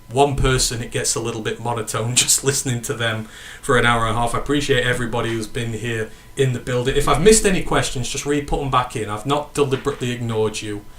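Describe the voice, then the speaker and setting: Man, northern English accent, bright tone, casual sports chat, rambling, middle pitch. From northern England. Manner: rambling, self-correcting, answers chat questions. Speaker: podcast host. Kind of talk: casual sports chat reading live comments.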